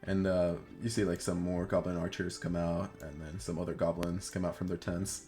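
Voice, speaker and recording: A man's voice: sits low, flat delivery, moderate pace, warm tone, faint music behind. A young man narrating a tabletop game as game master, rambling with many fillers.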